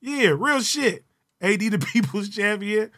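A man hosting a solo livestream, talking loud and profane with frequent laughter. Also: sits high, expressive, a little slow. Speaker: livestream host. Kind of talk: casual solo livestream chat.

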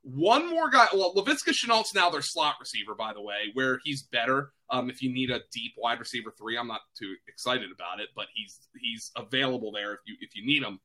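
A man's voice: mid-range voice, animated, fairly quick, few pauses, pushed and bright. A man talking fantasy football in a casual podcast chat, chatty and self-deprecating, with lots of fillers and restarts.

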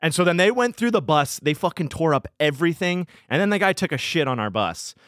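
A man's voice: a little high, big pitch swings, fairly quick, a bit bright, dry recording, studio quality. A man who tours as a DJ, chatting casually as a podcast guest and telling rambling, profane stories. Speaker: touring DJ guest.

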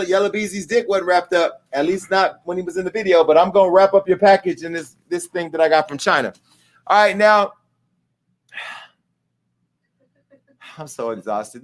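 A man's voice: sits high, a bit bright. A man hosting a live-streamed show, talking in brash, profane, rambling banter with his audience and crew. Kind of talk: casual live-stream talk.

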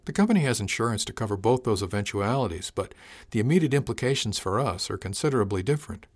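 A frank, practical female ship's chief engineer from an audiobook, as a male narrator puts her on. She sounds gently worried but plain-spoken, in a lowish voice. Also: expressive, quick pace. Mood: earnest. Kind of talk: audiobook character voice.

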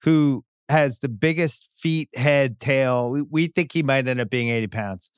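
A man's voice: medium pitch, a little slow, smooth, no room sound, studio quality. Middle-aged man telling a story. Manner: storytelling, acts out quotes in raised voice. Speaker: podcast host. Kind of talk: casual podcast chat.

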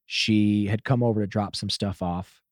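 A man guest on a podcast, telling a personal story with lively swearing and acted-out quotes. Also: on the low side, normal speed, no room sound, studio quality. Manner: swears freely, acts out shouted quotes. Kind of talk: animated storytelling.

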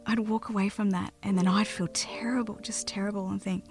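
Aussie mum telling her story, soft and halting, almost whispering, bit of vocal fry. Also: mid-range voice, steady tone, over music. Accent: Australian. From Australia. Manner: soft, halting, often drops to a near whisper. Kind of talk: personal storytelling interview.

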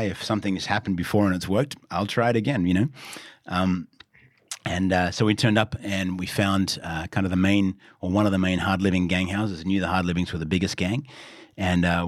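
Deep-voiced Australian pastor telling stories. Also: male voice, brisk, no room sound, clean studio sound. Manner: animated storyteller who acts out quoted lines. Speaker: pastor, guest. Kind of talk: storytelling in a podcast interview.

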